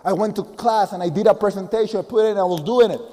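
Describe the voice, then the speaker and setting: High-voiced Spanish-accented motivational speaker man. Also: fast, long reverb tail. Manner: energetic, emphatic, repetitive. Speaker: motivational speaker and business coach. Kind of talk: motivational speech.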